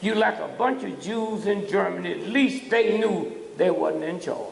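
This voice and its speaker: A man's voice: high voice, animated, normal speed, vocal fry, a little hiss or hum. An older man giving a fiery public lecture, preachy and provoking, often tossing out "huh?" at the audience. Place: lecture hall. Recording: echoey hall from a distance.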